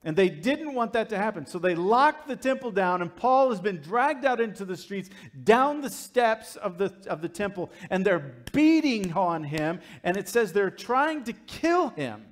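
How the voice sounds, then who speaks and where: A man preaching a sermon with a fairly high voice. He tells the story vividly and gives the characters quick lines. His delivery shifts from loud, emphatic passages to quiet, low asides. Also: sing-song. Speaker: pastor.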